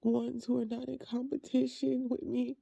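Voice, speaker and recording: A woman, a faith ministry creator, speaking in a halting, heartfelt personal monologue with soft trailing phrases. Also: sits high, little pitch movement, creaky, husky, no echo.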